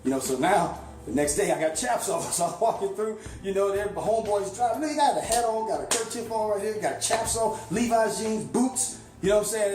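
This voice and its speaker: A man from St. Louis telling a long, rambling story in a casual, animated way, with lots of "you know.". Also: high voice, fast, echoey room, soft background music. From St. Louis, USA.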